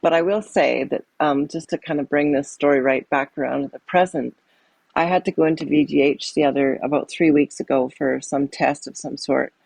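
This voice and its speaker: Middle-aged woman, yoga teacher guest; gravelly, dry close mic, rambling storyteller. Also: deep voice, steady tone, moderate pace, a little mellow, no echo, rough recording. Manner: rambling, many restarts and fillers. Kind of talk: casual storytelling.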